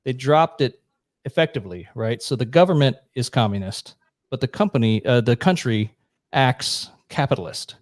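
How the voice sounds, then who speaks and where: Male co-host, mid-pitched, blunt and profane, long casual explanations, dry close sound. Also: lively intonation, normal speed, no room sound. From United States. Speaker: podcast co-host. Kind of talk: casual chat.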